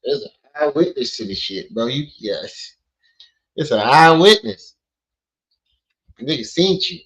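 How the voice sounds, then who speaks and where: A man hosting a show with loud, profane, mocking reaction commentary. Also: mid-range voice, expressive, a little slow, echoey room, low-quality recording.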